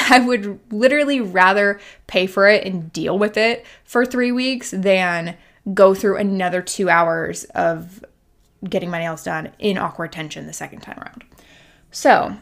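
A woman's voice: mid-range voice, a bit bright. A young woman, a life coach, telling a personal story in a candid, chatty way, full of "like" and "literally", with a laugh now and then. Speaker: life coach and podcast host. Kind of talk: casual storytelling monologue.

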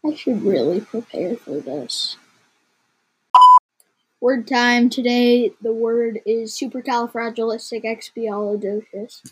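A woman's voice: a little high, slow, a little mellow, slight background noise, poor audio. A woman reading a chapter book aloud, chatting loosely and unprepared between readings. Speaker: reader.

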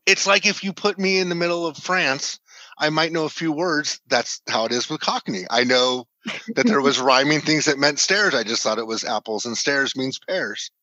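Give me a man co-hosting a podcast, joking at his own expense, with a bright, forceful tone. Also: on the high side, normal speed, dry recording, low-quality recording. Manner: jokey, self-deprecating. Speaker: podcast co-host. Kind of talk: casual chat.

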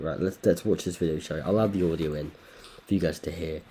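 Low, dark-voiced sweary man. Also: fairly even intonation, fairly quick. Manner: sweary, loudly incredulous outbursts. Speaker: podcast host ranking fighters. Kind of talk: casual podcast chat.

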